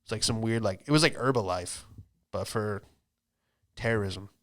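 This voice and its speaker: A man hosting a podcast, doing a loose, profane comedic monologue and slipping into quick put-on voices. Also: fairly low pitch. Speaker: podcast host, stand-up comedian.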